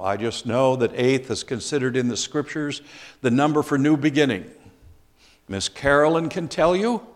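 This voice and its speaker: Slow-talking man teaching a Bible class. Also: medium pitch. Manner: asks the class questions, explains slowly.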